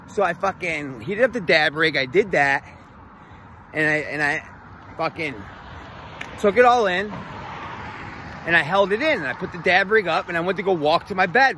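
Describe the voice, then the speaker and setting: A man telling a rambling personal story in a casual, profane, animated way. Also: sits high, slight background noise.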